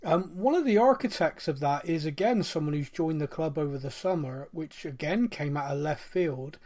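Brief: male podcast host, slightly high pitch, chatty, stumbles and restarts, goes off on tangents. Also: animated, normal speed, a little mellow. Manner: rambling, self-interrupting, fond of mimicking accents. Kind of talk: casual chat.

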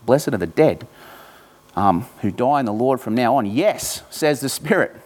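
Man preaching a sermon, slow deliberate scripture reading. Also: medium pitch, animated, a little mellow. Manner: reads scripture slowly and deliberately, then talks informally to the congregation. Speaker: pastor.

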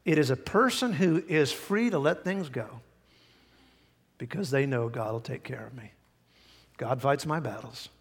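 Speaking at an unhurried pace in a medium-pitched voice, a pastor delivers a sermon that is folksy and emphatic, occasionally mimicking others to make his point. The church sanctuary gives his voice a long reverb tail.

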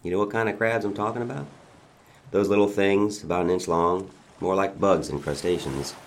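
A man reading a dramatic monologue as a father who calmly taunts a bound governor, his manner quiet, mocking and menacing. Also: low voice, moderate pace.

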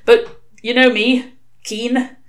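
A woman's voice: level tone, takes it slowly. A woman voicing a nervous male demon who babbles and tries to please, in a storybook reading. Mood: babbling. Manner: babbling, high-strung.

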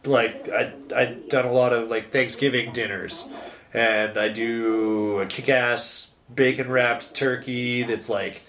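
A man's voice: medium pitch, fairly even intonation, slow, fairly bright tone. A man in a casual chat, rambling with lots of "like" and restarts as he searches for words. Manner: rambling, many fillers and restarts.

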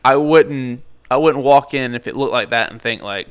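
A man's voice: medium pitch, moderate pace, smooth. A man chatting casually about a movie, rambling with lots of fillers and jokes. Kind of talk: casual movie review chat.

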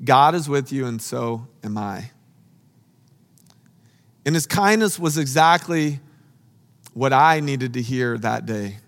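A man preaching a sermon, speaking slowly and earnestly with emphatic, dramatic pauses. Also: mid-range voice, expressive, a bit bright, long reverb tail.

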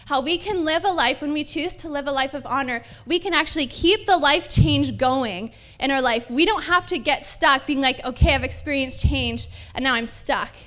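A woman's voice: sits high, moderate pace, few pauses, sharp tone. A young woman pastor preaching a sermon in an upbeat, chatty way with lots of casual fillers. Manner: bubbly, upbeat, chatty with many "like"s.

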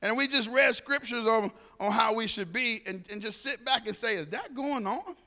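A man speaking to a group, telling a personal story in an animated way and acting out the dialogue. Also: very high voice, normal speed, gravelly, in a large hall.

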